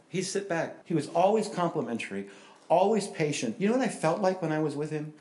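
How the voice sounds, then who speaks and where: A middle-aged man preaching a sermon in an echoey hall, his voice pitched a bit high for a man. He tells personal stories, rising to loud, animated bursts and dropping to hushed, earnest tones. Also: brisk. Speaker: pastor.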